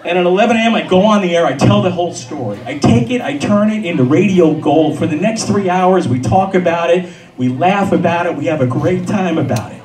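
A man's voice: high voice, a little fast. Man telling a story in an echoey room. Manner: lively, acts out the voices of the people in his story. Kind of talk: live comic storytelling. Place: venue at a live story event. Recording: echoey room, mic far off.

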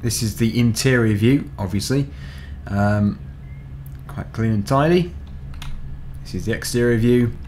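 A man's voice: mid-range voice, measured pace, darkish tone, slight background noise. A man giving casual commentary over gameplay as host, explaining the controls step by step in a chatty way. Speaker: gaming video host.

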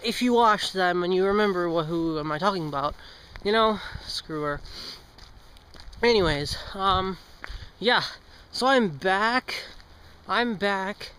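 A teenage boy vlogs casually while walking along a street outdoors as cars pass, rambling, stumbling over his words, joking and swearing offhandedly. His voice is high, a bit bright and smooth, at a moderate pace with frequent pauses, and the recording is rough.

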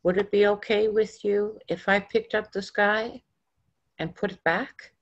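Kind patient gentle man, played by a woman reader, soft and soothing, slow, dull lo-fi sound. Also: mid-range voice, steady tone, pitched above the performer's own voice. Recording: dull lo-fi recording.

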